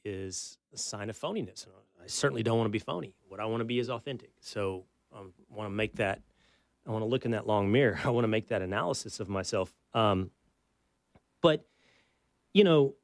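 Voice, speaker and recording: A man's voice: medium pitch, dry recording, studio quality. A man with a Texas accent hosting a talk radio show, speaking in an emphatic, conversational monologue full of rhetorical questions.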